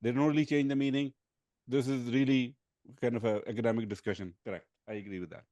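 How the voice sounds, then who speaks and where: A man's voice: medium pitch, fairly even intonation, fast talker, warm tone, no echo. A man teaching an Arabic grammar class, explaining carefully with frequent hesitations. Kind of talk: online class discussion.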